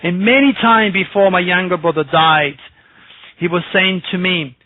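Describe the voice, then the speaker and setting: Guy, high voice, tinny phone call, dry, intense and emphatic, repeats himself a lot. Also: normal speed, no room sound. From France. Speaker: astrologer guest. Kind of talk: emotional personal storytelling on a radio interview. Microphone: telephone.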